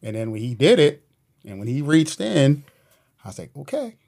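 A man in a podcast studio, recounting a police chase in casual, animated storytelling. He drops slang and acts out what people said. His voice sits at a middle pitch. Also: normal speed, gravelly. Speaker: police officer guest.

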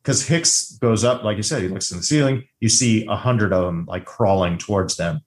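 A man co-hosting a casual movie chat, animated and swearing freely, acting out lines from scenes. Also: lowish voice, moderate pace. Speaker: podcast co-host.

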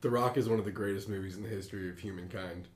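A man's voice: low-pitched, steady tone, rapid-fire, darkish tone. A man co-hosting a casual movie chat, talking in an enthusiastic, loose way. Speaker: podcast co-host.

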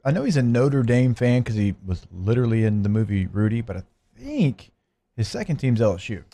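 A man co-hosting a casual sports podcast who talks in a relaxed, steady, analytical way. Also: mid-range voice, a little fast. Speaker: podcast co-host.

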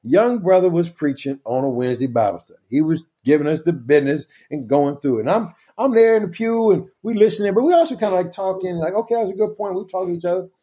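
A man co-hosting a church podcast, telling funny stories in an animated, laughing way. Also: quick pace, few pauses, breathy edge. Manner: animated, bursts into high laughing shouts. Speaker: podcast co-host, pastor. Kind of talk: casual storytelling chat.

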